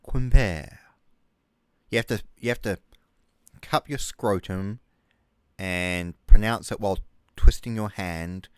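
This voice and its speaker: A man's voice: on the low side, unhurried, pauses often, smooth, dry recording. A man ranting comically over a map, mocking and exasperated, swearing a lot. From New Zealand. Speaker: comedic youtuber. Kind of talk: comedic rant over a map.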